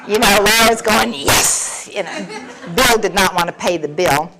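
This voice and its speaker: A woman's voice: medium pitch, normal speed, crowd noise, poor audio. A woman in her sixties sharing her personal story at a recovery meeting, candid and wry, laughing often as she talks. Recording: recording with clear background noise.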